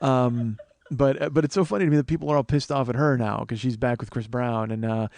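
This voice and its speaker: A man's voice: mid-range voice, steady tone, fairly quick, gravelly, darkish tone, dry recording. A man in his forties hosting a comedy podcast alone, rambling through profane, self-mocking asides. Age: 40s. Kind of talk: solo comedic monologue.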